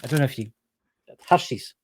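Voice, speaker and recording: A man's voice: medium pitch, expressive, a little fast, slight background noise. A Scottish man co-hosting a casual chat show, ranting animatedly and swearing freely. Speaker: podcast co-host.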